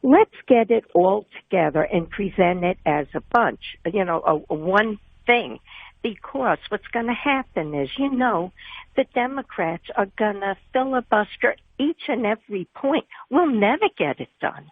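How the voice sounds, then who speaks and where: A woman's voice: medium pitch, animated, moderate pace, no room sound. Chatty New York woman on the phone. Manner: chatty and effusive. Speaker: caller. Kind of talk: radio call-in. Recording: tinny phone line.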